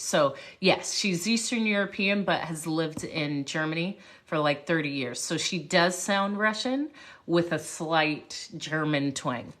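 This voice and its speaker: A woman livestream host recounts a story with bright, ringing energy. Her pitch leaps around expressively while her delivery stays slow and unhurried, with frequent asides to her viewers. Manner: animated, jumps around, greets viewers. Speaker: motivational speaker, livestream host.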